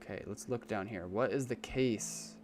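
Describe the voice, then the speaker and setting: A man's voice: on the low side, normal speed, a little mellow. A young man live-streaming a game from his home desk, chatting casually and pleading in exasperation with his cat. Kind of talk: casual live-stream chat while gaming. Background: game music.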